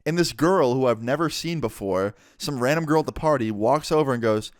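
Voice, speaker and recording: A young man telling a personal story to camera in a casual, profane, animated way. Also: medium pitch, brisk, no echo, studio quality. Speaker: vlogger. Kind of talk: storytime narration.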